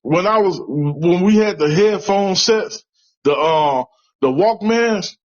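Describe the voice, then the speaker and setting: Speaking slowly in a high-pitched voice, a middle-aged man from the West Side of Chicago recounts a personal story during an interview. He's a tradesman, earnest in tone and prone to frequent restarts, and the recording is dry and dull.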